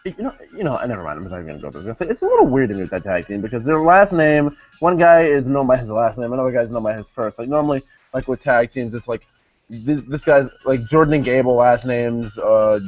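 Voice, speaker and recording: A man's voice: mid-range voice, animated, fast. A young man casually reviewing a wrestling show, rambling with many fillers and self-corrections. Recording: dull lo-fi sound, faint music behind.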